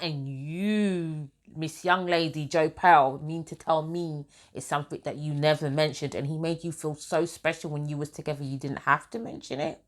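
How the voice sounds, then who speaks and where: A woman's voice: sits low, moderate pace, few pauses, a bit bright. Chatty woman vlogging gossip. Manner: chatty, emphatic, piles up lists. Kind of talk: casual opinion chat to camera.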